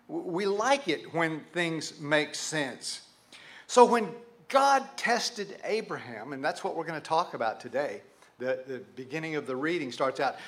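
A man's voice: a little high, fairly bright tone. A man with a Texan accent, preaching a sermon to a live congregation in a folksy, conversational way. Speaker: pastor. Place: church sanctuary with a live congregation.

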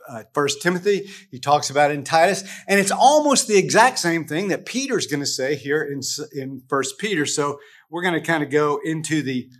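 A man from the United States leads a casual Bible lesson for a group, talking conversationally with frequent restarts and rhetorical questions. His voice is on the high side and a bit bright.

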